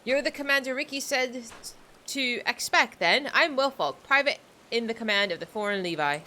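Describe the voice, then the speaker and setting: A woman's voice: fairly high pitch, normal speed, pushed and bright, slight background noise, voice pushed up. A woman voicing a male soldier, reading his game lines with a put-on pirate-style drawl. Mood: reassuring. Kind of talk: reading game dialogue aloud on a stream.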